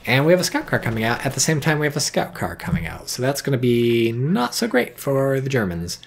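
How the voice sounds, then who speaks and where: Man, video game caster, gravelly voice, excitable and profane, faint noise behind. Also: mid-range voice, brisk. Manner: excitable, profane, wry asides. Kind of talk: casual game commentary.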